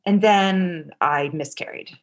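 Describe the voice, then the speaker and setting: A middle-aged woman with a lowish voice speaks slowly as a guest in a casual interview, telling stories. She rambles, curses a lot and leans heavily on the word "like."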